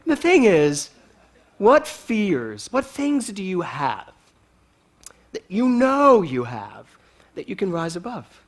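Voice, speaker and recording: A man giving a storytelling sermon to a congregation, animated and often laughing as he talks. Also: high-pitched, measured pace, slight background noise. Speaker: speaker at a spiritual center.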